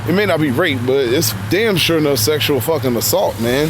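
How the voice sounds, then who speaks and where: A man's voice: a little high, animated, a little fast, background noise. A man giving blunt, heavily profane, unscripted reaction commentary while live streaming about a video clip.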